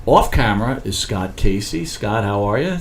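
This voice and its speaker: Upbeat radio host. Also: male voice, on the low side, animated, moderate pace, a little hiss or hum. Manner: upbeat, introducing guests. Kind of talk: radio show hosting.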